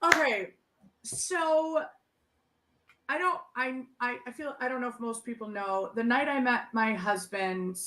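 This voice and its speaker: A woman in her thirties, a guest on a video call, chatting casually, quick and animated, laughing often as she tells stories. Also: fairly high pitch. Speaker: guest medium. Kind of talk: casual chat.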